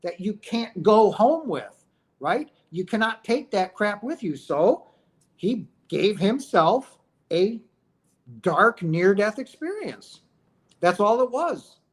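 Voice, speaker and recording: A man's voice: sits high, very animated, slow. A man hosting a spiritual livestream, talking emphatically and preachily, firing off rhetorical questions and often asking "right?" and calling out to "guys". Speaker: streamer talking about near-death experiences.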